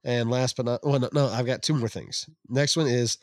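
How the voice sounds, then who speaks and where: A man in easy podcast banter, reading out comments with frequent chuckles and self-deprecating asides. His voice sits at an ordinary middle pitch. The recording is close and dry, with no room sound. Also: fairly even intonation, moderate pace, no room sound. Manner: laughing and self-deprecating, stumbling over restarts. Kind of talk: casual podcast chat.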